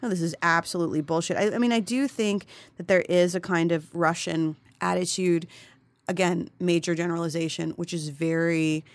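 A woman's voice: on the low side, steady tone, moderate pace, dry recording. A woman chatting casually, candid and profane, rambling with frequent restarts. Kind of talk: casual conversational chat.

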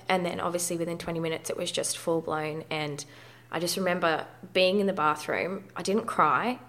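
A female guest in her thirties gives a candid personal interview, frank and conversational, with some mild swearing. She speaks at normal speed with a lowish, slightly bright voice and fairly even intonation.

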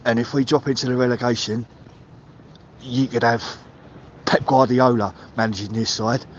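A man's voice: medium pitch, fairly even intonation, moderate pace, muffled recording, slight background noise. Furious swearing male football fan caller. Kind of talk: voicemail rant.

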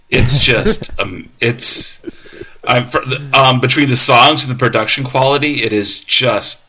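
A man's voice: medium pitch, pushed and bright. A man co-hosting a podcast in casual chat, rambling with lots of fillers and restarts. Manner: rambling, halting with many fillers. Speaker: podcast co-host.

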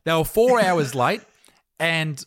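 An Australian man in his twenties spins a crude, swearing story for his podcast mates. His voice sits a little higher than most men's. He laughs at his own jokes as he goes. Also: expressive, slow, a bit bright. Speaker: podcast co-host. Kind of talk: casual podcast banter.

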